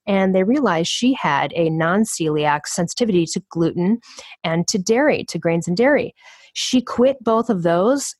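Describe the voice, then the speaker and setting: A woman talking as an interview guest, emphatic and animated, acting out other people's lines as she goes. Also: fairly low pitch, dry recording, clean studio sound. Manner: emphatic, acts out quoted voices.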